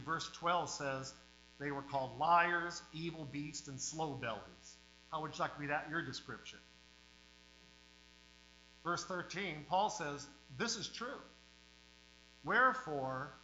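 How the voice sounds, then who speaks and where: Forceful, emphatic man preaching a sermon. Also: on the high side. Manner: emphatic preaching with sudden swings in loudness and drawn-out words. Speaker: pastor. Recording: roomy, dull sound with faint mains hum.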